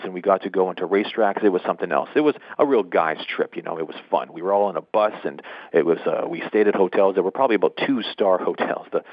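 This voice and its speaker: On a conference call, a man hosts a motivational session and tells a story in a folksy, conversational way, repeating phrases for emphasis. His voice is low with no echo, captured on a phone over a dull lo-fi line.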